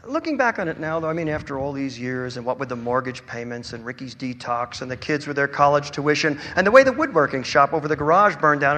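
A man's voice: fairly high pitch, a little hiss or hum. Man reading fiction in a reverberant hall. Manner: wry, expressive storytelling. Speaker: author reading his story. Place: event hall.

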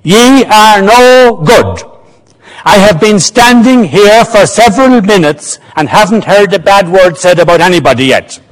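A man voicing a teasing, boisterous old countryman who mocks loudly and talks fast. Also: sits high, animated, voice pushed up. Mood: mocking. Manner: mocking, loud, quick banter. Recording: reverberant hall.

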